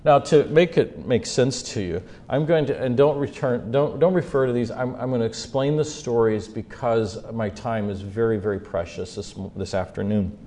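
A man giving an animated sermon, retelling Bible stories and swinging from quiet asides to loud, emphatic peaks. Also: medium pitch, normal speed, hardly any pauses. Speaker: speaker teaching on faith and mental health.

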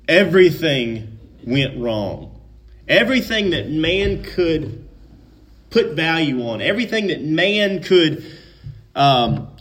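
A man preaching a sermon. He swings between loud, emphatic peaks and quiet asides, in a folksy, conversational way. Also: a little high. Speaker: pastor.

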